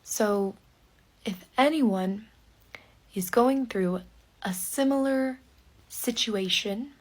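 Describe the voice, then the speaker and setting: A woman telling a personal story in a slow podcast for learners, in short phrases with pauses and some words whispered. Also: a little high. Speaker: podcast speaker.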